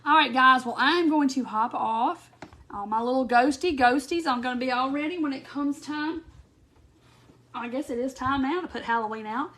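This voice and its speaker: A high-pitched woman hosts a casual live craft stream. She talks loosely to her viewers and breaks into giggles easily. The sound comes through a phone or webcam mic. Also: moderate pace, fairly bright tone. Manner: giggly, laughs often while talking. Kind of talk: casual live chat reading viewer comments.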